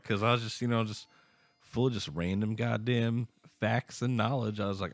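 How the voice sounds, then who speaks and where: A man's voice: on the low side, very animated, moderate pace, no echo. A man in his thirties, a podcast host, telling rambling, profane stories in casual chat. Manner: rambling storyteller, swears a lot.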